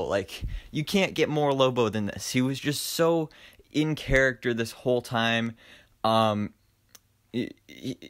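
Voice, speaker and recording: Young man, movie reviewer, casual and enthusiastic, rambling, many fillers, mid-pitched voice.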